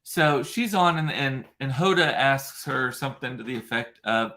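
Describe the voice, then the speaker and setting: A man's voice: medium pitch, normal speed, bright, forceful tone. A young man vlogging casually, rambling through a funny story with lots of ums and laughing asides. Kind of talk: casual chat to camera.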